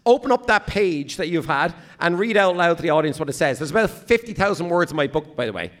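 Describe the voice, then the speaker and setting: A man's voice: on the high side, expressive, fast, a bit bright. A man performing a magic trick live on stage, guiding a volunteer step by step with confident patter. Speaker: illusionist guest. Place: large live stadium show.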